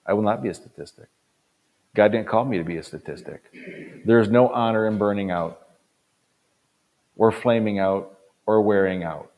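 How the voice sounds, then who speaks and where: A man around sixty, a pastor giving an earnest talk to other pastors, stressing points by repeating them and swinging between loud punches and quiet drops. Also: lowish voice, lo-fi sound. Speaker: pastor and conference speaker.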